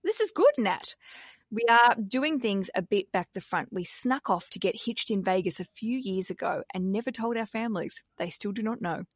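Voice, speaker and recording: A woman's voice: medium pitch, animated, normal speed, dry recording, studio quality. A woman hosting a podcast, chatting casually, laughing often and swearing freely. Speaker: podcast host.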